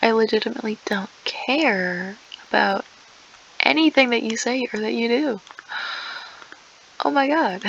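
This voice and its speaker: A woman's voice: a little high, slow pace, gravelly, pauses often, fairly bright tone, highs cut off, slight background noise. A young woman commentating her game play casually, rambling and sarcastic, often trailing off into near-whispers. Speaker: gaming YouTuber.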